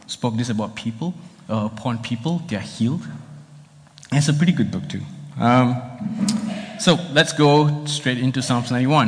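A man pastor preaching a sermon in a conversational, explanatory way, heard in a church hall. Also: medium pitch. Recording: long reverb of a hall.

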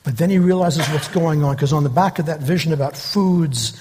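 A man preaching a sermon as pastor, telling stories with lively acted-out voices. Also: fairly high pitch, a little fast, big-room sound, a little hiss or hum. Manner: animated storytelling, acting out quoted voices.

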